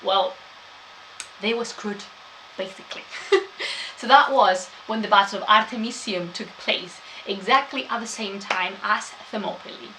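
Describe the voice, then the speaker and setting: Woman streaming a history lesson, bright voice, laughs a lot, chats w/ viewers, faint hum behind. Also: medium pitch, unhurried, poor audio. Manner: chatty, laughs often, animated asides. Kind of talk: live-streamed history talk, reading chat.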